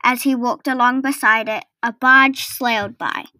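A woman reading a children's story aloud in a gentle, deliberate storytelling manner. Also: a little high, steady tone, no room sound.

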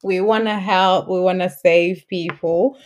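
A woman's voice: on the low side, fairly even intonation, measured pace, darkish tone. A woman hosting a podcast, talking in a candid, relatable way. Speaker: podcast host. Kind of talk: casual conversation.

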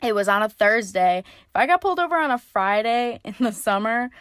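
A woman's voice: a little high, expressive, a little fast, fairly bright tone, clean tone, no room sound, studio quality. A young woman casually telling a story in a chatty, sarcastic way, swearing freely. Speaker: vlogger.

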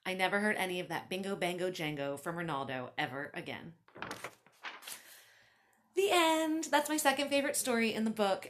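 A woman who hosts a podcast, reading her own story aloud with animated, laughing asides to her listeners. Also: medium pitch. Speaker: author and podcast host.

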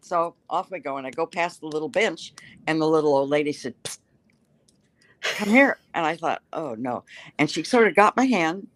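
A woman's voice: deep voice, animated, brisk, dry recording. An older woman, a guest writer, telling stories in a chatty, self-mocking way during a casual interview. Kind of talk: casual interview chat, storytelling.

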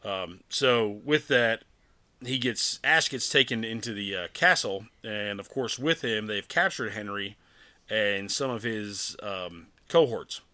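Guy with a bright voice rambling through a movie recap, lots of ums. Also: on the low side, unhurried. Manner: rambling, animated retelling with acted-out quotes. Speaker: podcast co-host. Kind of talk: casual chat recapping a film.

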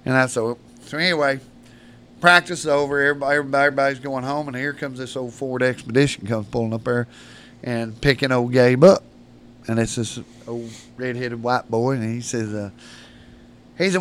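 A man's voice: medium pitch, brisk, fairly bright tone. A man, a podcast guest telling rambling, folksy stories and laughing through them. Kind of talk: casual storytelling.

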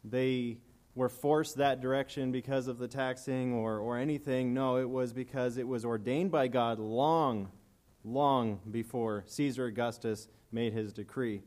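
A man's voice: mid-range voice, steady tone, a little slow, a little mellow. A man preaching a casual, earnest and emotional sermon, reading scripture aloud and commenting between passages.

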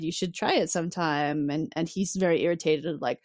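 A woman co-hosting a podcast in casual chat, recapping an episode with lively acted-out lines and frequent laughter. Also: fairly low pitch, moderate pace, no echo, clean studio sound. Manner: animated, acts out characters' lines, laughs often. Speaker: podcast co-host.

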